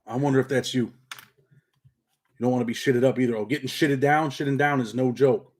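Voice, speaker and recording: Reading comments during a casual livestream chat, a middle-aged Rochester, New York man talks fairly quickly in a steady, mid-range voice. He has a slight country twang, works as a paralegal besides hosting the channel, and is laid-back and streetwise, his slang peppered with "man."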